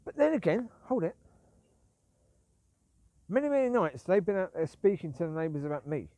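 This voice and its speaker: A man with a slightly high voice rambles through a casual vlog monologue. He sounds aggrieved and keeps justifying himself, looping back to the same points. The sound is dry, with little room around it. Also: sing-song, normal speed, dark tone, no echo. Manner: repetitive, aggrieved, self-justifying. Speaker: vlogger.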